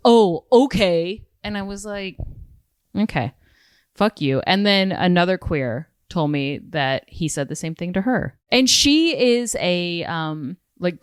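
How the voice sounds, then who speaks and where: Low-ish woman comedian, super animated storytelling, swears a lot, dead dry sound. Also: clear, resonant tone, no room sound. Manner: animated, acts out quotes, swears freely. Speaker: guest comedian. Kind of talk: casual podcast storytelling.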